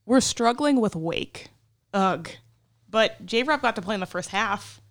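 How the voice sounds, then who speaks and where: A woman's voice: mid-range voice, lively intonation, a little slow. A woman co-hosting a sports podcast, giving a comic, exasperated dramatic reading of text messages, swearing and laughing along the way. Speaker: podcast co-host.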